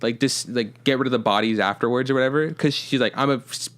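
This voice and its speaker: A man's voice: mid-range voice, fast talker, fairly bright tone. Male podcast host, loose and profane, talks in long rambling runs full of fillers. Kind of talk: casual chat.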